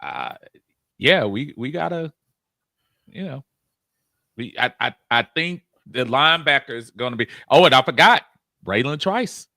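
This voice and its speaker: A man co-hosting a relaxed sports talk show, his bright voice swinging widely in pitch. He rambles and restarts his sentences and laughs easily. The sound is close and dry. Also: unhurried, creaky, pauses often, no room sound. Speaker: co-host.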